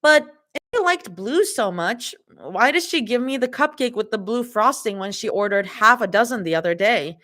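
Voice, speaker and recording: A woman reading a fanfiction aloud, voicing an excitable young woman in a high, eager voice. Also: normal speed, hardly any pauses.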